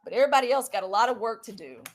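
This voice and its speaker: A woman's voice: fairly high pitch, racing. Chatty woman hosting a livestream. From Southern US (Mississippi). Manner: chatty and animated, says y'all, quotes others in lively put-on voices. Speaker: host of a live video. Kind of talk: casual livestream monologue.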